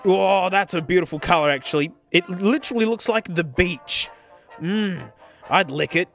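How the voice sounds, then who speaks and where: A man's voice: high-pitched, brisk, vocal fry. An Australian man hosting a casual vlog as he walks through a music store, gushing over what he sees and calling everyone "mate". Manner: excitable, gushing, says "mate" constantly. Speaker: vlog host. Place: indoor music store, walking around.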